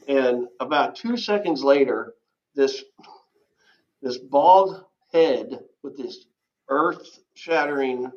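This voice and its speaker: A man being interviewed, telling a personal recovery story in a halting, earnest way with frequent throat clearing. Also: mid-range voice, a little mellow, highs cut off. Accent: Southern American. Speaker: interview guest. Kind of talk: candid personal testimony.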